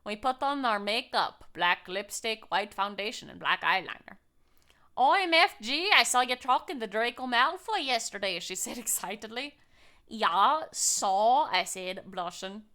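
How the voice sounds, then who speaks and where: A gothic teenage vampire girl, as a woman reads her out tells her story in a shaky, drifting Scottish-Irish accent. The voice sits high and bright, and the reading is slow and deliberate. It is a comic dramatic reading of fan fiction. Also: lively intonation, full character voice. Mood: mock-dramatic.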